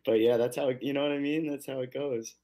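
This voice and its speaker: A man's voice: mid-range voice, fairly even intonation, fast talker, mellow. Laid-back man telling stories. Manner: laid-back storytelling with laughs. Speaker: radio show host. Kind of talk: casual chat.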